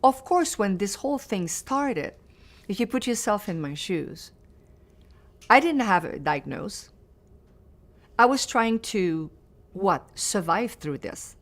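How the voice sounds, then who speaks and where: Earnest and reflective, a singer in her fifties whose native language is French responds in a sit-down interview, repeating phrases for emphasis. She has a medium-pitched, sing-song voice, takes it slowly and pauses often.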